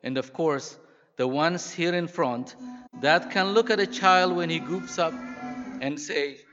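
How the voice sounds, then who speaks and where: Man reading as god, the proud eager creator, kinda high, muffled big hall. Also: unhurried, music in the background, close to an everyday voice. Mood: earnest. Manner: earnest, eager. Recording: dull echoey hall.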